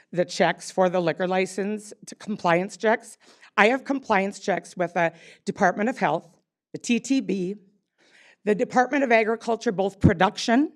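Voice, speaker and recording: A woman in her sixties, a wine bar owner speaking unprepared at a public meeting, rambling with many fillers and restarts. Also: mid-range voice. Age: 60s.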